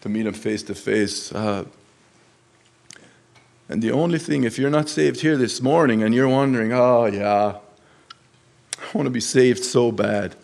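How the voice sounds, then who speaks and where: In a mid-range voice that is creaky and darkish, a man preaches as a lay preacher at a church service. The sermon comes out earnest, plain, and halting, with restarts and growing emphasis on quoted Scripture.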